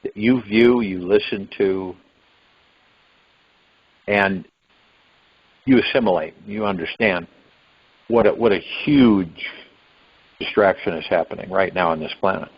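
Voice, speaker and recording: A man's voice: low voice, a little slow, long pauses, breathy edge. A man hosting a spiritual meditation call, musing in a rambling way and now and then acting out what people might say. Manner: rambling, musing, with sudden rises into acted quotes. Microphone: phone line. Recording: dull lo-fi phone call audio.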